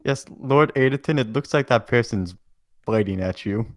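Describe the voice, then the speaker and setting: A man's voice: mid-range voice, moderate pace, no room sound. Man, teasing player, giggly, dry close sound. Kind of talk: casual tabletop game chat.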